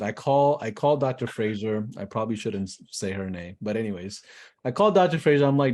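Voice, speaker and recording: Male guest speaker, mid-pitched, lively, emphatic storytelling on a video call. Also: brisk. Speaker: agency owner guest. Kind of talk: casual storytelling.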